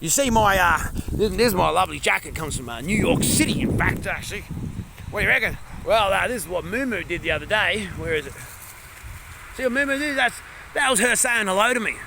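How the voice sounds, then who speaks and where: A man's voice: sits high, animated, a little fast, gravelly, bright, forceful tone, slight background noise. A man with a broad Australian accent delivering a rambling comic monologue as a larrikin bushman, recorded outdoors in the countryside. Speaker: comedy character vlogger.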